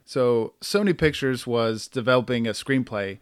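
A man's voice: medium pitch, normal speed, clean tone, no room sound, studio quality. A man hosting a casual podcast chat, who laughs often and stumbles over names. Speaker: podcast host.

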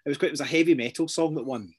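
A man's voice: on the high side, a little mellow, breathy edge. Chatty sardonic man. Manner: chatty, sardonic, quick asides. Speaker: podcast co-host. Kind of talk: casual chat.

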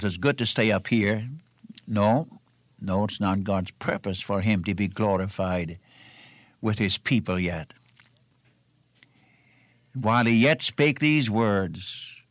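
A man's voice: lowish voice, lively intonation, unhurried, pauses often, fairly bright tone, dry recording. A man preaching a sermon, earnest and emphatic, addressing the listener directly as his friend.

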